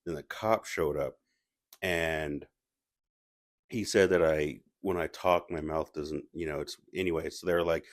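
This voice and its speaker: A man's voice: low-pitched, moderate pace. A man casually telling a personal story as a movie reviewer, rambling with restarts and asides.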